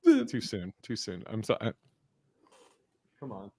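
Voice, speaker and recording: A man in his thirties hosting a casual podcast, telling stand-up stories in a lively, swearing, laughing way. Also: fairly low pitch, slow, vocal fry, breathy edge, no echo. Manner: animated storyteller, swears freely, laughs a lot. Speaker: podcast host and comedian. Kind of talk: casual podcast chat, storytelling.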